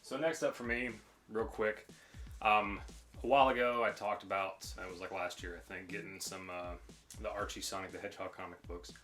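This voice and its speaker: Casual male co-host, hesitant, bright tone, soft music underneath. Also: sits low, a little fast. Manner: relaxed, hesitant, lots of ums. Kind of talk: casual collection show-and-tell.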